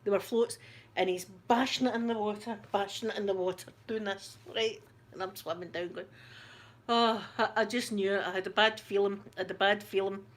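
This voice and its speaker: Chatty and quick to laugh, a middle-aged channel host with a Scottish accent tells stories in a casual conversation. She talks a little fast, with a medium pitch and a steady tone.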